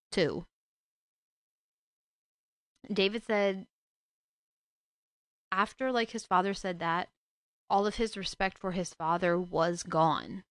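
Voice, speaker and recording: Woman host retelling a book casually, worked-up asides, smooth voice, dry close sound. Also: on the low side, a bit bright, no echo. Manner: indignant, emotional asides.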